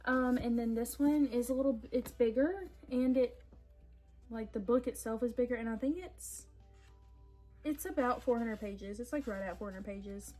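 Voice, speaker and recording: A young woman chatting casually to camera about books, rambling and animated. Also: a little high, low-quality recording. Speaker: book vlogger.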